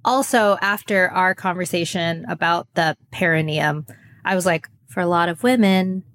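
A woman's voice: on the low side, moderate pace, fairly bright tone, no echo. A woman co-hosting a podcast, chatty and opinionated in casual chat. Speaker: podcast co-host.

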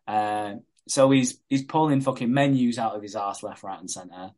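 A man's voice: fairly low pitch, moderate pace, hardly any pauses. Sweary man recapping with gusto. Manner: animated retelling, swears a lot, laughs often. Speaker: podcast co-host recapping a soap. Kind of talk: casual sweary chat.

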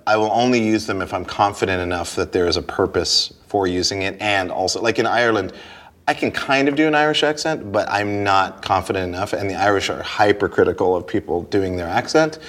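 A man with a very deep, low voice chats loosely in an interview, looping back over his words. He laughs easily and keeps restarting his thoughts as they come to him. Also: fairly quick, a bit bright. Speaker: guest, stage performer. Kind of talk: casual interview conversation.

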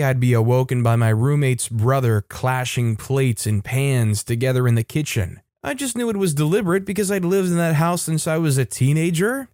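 A man's voice: on the high side, a little mellow, no room sound, studio quality. A man reading a reddit story aloud as scripted narration, keeping quoted lines in his own voice.

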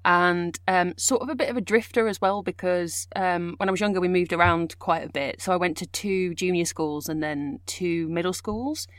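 A young adult woman with a slightly low voice recorded close and dry. She chats casually as a guest, spinning her story with plenty of fillers. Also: moderate pace, few pauses, dry recording. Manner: chatty, animated storytelling with fillers. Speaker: guest, audiobook narrator and actor. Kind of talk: casual chat.

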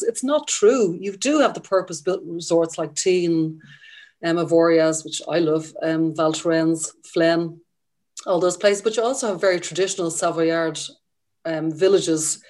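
A woman's voice: lowish voice, steady tone, normal speed, a little mellow. A middle-aged woman from Ireland, a ski journalist, talking chattily and with enthusiasm in a casual interview.

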